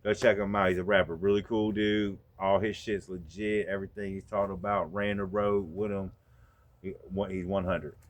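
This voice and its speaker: A man's voice: low-pitched, moderate pace. Laid-back, profane man telling a story. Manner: profane, laid-back, animated when retelling. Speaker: podcast host. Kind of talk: casual storytelling.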